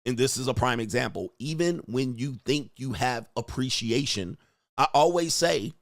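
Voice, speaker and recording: A man hosting a news commentary channel, reading headlines and reacting in an animated, slangy way, often quoting people in put-on voices. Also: mid-range voice, moderate pace, no room sound, clean studio sound.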